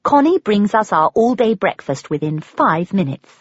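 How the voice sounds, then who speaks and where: Brief: English woman audiobook reader, animated wry delivery, slightly husky, dull dry sound. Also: medium pitch, normal speed, no room sound. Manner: wry, lively storytelling. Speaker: audiobook narrator. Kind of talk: scripted first-person narration.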